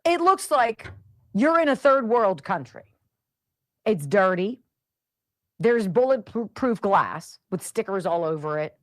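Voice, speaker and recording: A woman's voice: mid-range voice, very animated, slow, pauses often, dry recording, studio quality. Sarcastic woman ranting on talk radio. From Pennsylvania, United States. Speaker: radio show host.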